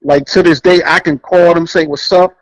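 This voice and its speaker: Co-host type: high-pitched New man, animated and blunt, acts out quotes, dry close mic. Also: normal speed, no room sound, highs cut off. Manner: blunt, profane, laughs often. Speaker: podcast co-host. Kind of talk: casual chat, storytelling.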